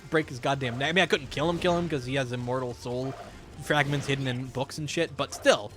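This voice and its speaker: A man's voice: mid-range voice, fairly even intonation, brisk, fairly bright tone, faint music behind. A man streaming a video game, chatting casually with a profane, wry, jumpy manner and answering his chat. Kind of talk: casual live-stream commentary while gaming.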